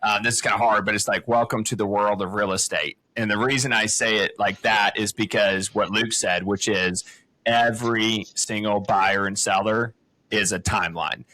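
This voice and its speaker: A man's voice: on the low side, steady tone, moderate pace, bright, forceful tone, low-quality recording. A man co-hosting a podcast, giving encouraging coaching advice in an easy explaining way. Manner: encouraging, explains with "it's like" and "uh" fillers. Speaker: podcast co-host.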